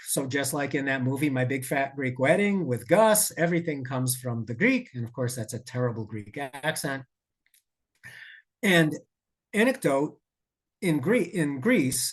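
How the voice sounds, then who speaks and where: A man speaking as a podcast guest, telling a story in a lively, digressive way with asides and self-corrections. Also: on the high side. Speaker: podcast guest, safety expert. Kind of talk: conversational storytelling.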